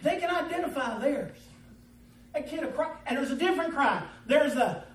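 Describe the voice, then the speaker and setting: A man preaching a sermon, telling homespun stories and swinging between loud and quiet. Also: very high voice, lively intonation, moderate pace. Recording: echoey room, mic at a distance.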